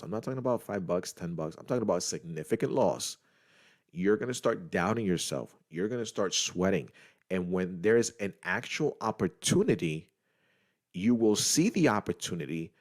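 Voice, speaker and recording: A middle-aged man from Puerto Rico, a podcast co-host talking casually and animatedly to listeners, often restarting his sentences. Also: low voice. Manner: animated, repetitive restarts, addresses listeners as guys. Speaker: podcast co-host, trading group leader.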